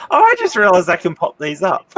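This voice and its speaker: A man's voice: high-pitched, a bit bright, no echo. A man in casual stream chat, teasing the others and laughing often.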